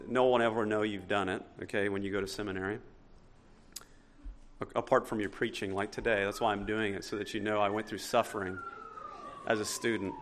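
A man preaching a sermon as pastor, swinging between loud emphatic points and quiet asides. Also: a little high.

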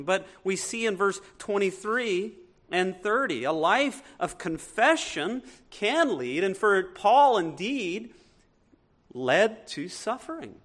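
A male pastor delivers a sermon in a high, expressive voice, leaning into scripture quotes and throwing rhetorical questions at his listeners. He takes his time, speaking slowly and deliberately between bursts of emphasis.

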